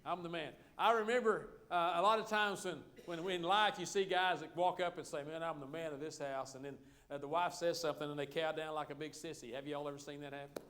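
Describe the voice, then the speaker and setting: High-voiced folksy pastor. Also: male voice, fairly bright tone. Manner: folksy, joking with the congregation. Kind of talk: sermon.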